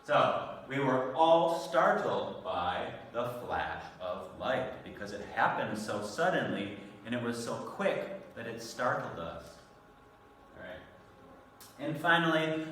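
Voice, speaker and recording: Man, ESL teacher, slow careful delivery, bright tone, very echoey room, distant from the mic. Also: mid-range voice, a little hiss or hum. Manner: slow, patient, clearly enunciated teacher talk. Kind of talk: recorded online vocabulary lesson.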